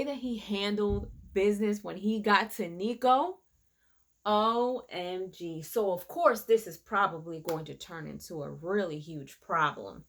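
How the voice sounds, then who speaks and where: A woman giving a casual, animated recap of a TV episode, quoting the characters as she retells it. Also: mid-range voice, unhurried. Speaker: reviewer.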